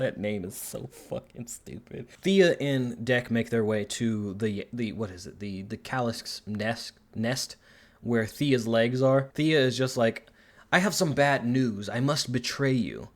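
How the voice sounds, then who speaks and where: Male reviewer, average pitch, profane and exasperated, rambling rant style. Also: takes it slowly. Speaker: movie reviewer. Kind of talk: ranting film commentary.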